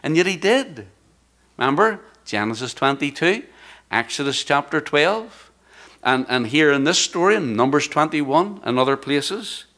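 A man, the church's pastor, preaching a sermon, rising loud when he reads scripture and dropping to quiet, hushed words. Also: mid-range voice. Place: church sanctuary.

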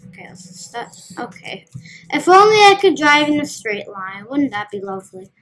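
A woman's voice: high-pitched, sing-song, moderate pace, fairly bright tone, soft background music. A woman giving casual, playful commentary as she plays a video game, talking to herself as she goes. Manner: chatty, playful, talks to herself while playing. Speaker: gaming video host.

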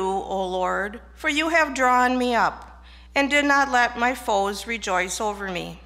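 A woman reads scripture aloud at a slow, deliberate pace in a church sanctuary. Her voice sits a little high and bright, with a gravelly fry running through it. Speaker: lay reader. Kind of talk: scripture reading in a church service.

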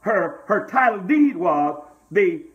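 The lo-fi recording catches a middle-aged pastor preaching slowly in a high, sing-song voice. He calls out to his congregation and keeps repeating "glory to God."

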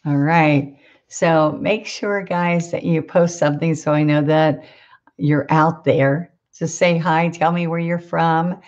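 A woman's voice: deep voice, steady tone, slow, darkish tone, lo-fi sound. A middle-aged woman with a Southern accent, hosting a live painting lesson in casual chat, greeting viewers by name and laughing often.

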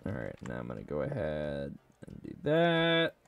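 Gravelly man rambling as he sculpts. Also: rumbling low, huge pitch swings, moderate pace, faint music behind. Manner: rambling, jokey, talks to himself. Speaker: 3D sculpting video creator. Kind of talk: casual self-talk while working.

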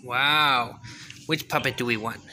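A father in a casual home video, gently coaxing his baby to talk with sing-song questions. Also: medium pitch, fairly even intonation, unhurried, very noisy.

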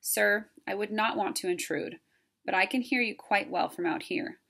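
A woman's voice: mid-range voice, moderate pace, creaky, fairly bright tone, breathy edge. A woman reading as a timid lady mouse. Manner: timid and hesitant. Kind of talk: storybook read-aloud.

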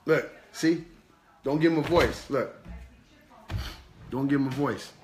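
A man's voice: medium pitch, a little slow, echoey room, music in the background. A man preaching an informal sermon with a puppet, firing off repeated rhetorical questions in casual slang. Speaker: preacher and teacher.

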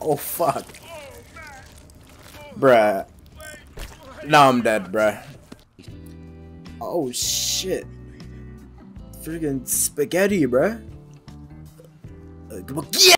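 A young man comments casually on a game he is playing, unhurried and chatty. His pitch swings widely, jumping into shouts and swearing whenever something startles him. Faint game music plays behind him. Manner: excitable, swearing, yelling in sudden scares. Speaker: gaming YouTuber.

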